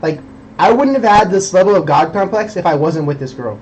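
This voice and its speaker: A man's voice: high-pitched, animated, brisk, darkish tone, a little hiss or hum, rough recording. A young man streaming, rambling in casual chat, swearing a lot and preaching about belief.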